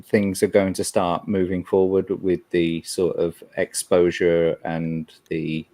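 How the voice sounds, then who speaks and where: A man's voice: low voice, flat delivery, slow pace, warm tone. A man hosting a casual podcast chat, joking, swearing and rambling loosely. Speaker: podcast host.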